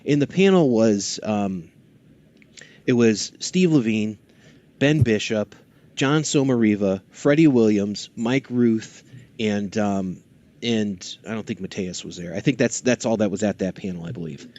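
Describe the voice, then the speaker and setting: A man's voice: on the low side, unhurried, a little mellow, dull audio. A man chatting as a podcast guest, telling stories animatedly and slipping into character voices now and then. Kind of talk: casual chat.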